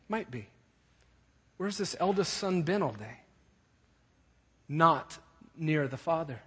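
A man's voice: a little high, slightly rough. A man preaching a sermon to a congregation. He stresses his points by repeating short phrases. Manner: emphatic, repeats key phrases. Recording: long reverb of a large hall.

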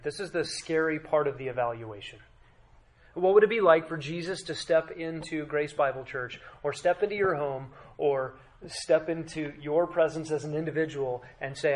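A man preaching a sermon as pastor, emphatic, with dramatic drops to a quiet voice and rhetorical questions to the congregation. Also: a little high, a little hiss or hum.

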